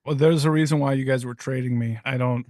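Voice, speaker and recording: A man's voice: mid-range voice, fairly even intonation, fast, warm tone, dry recording, clean studio sound. A man co-hosting a podcast in casual chat, chiming in with short, self-mocking remarks and chuckles. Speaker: podcast co-host.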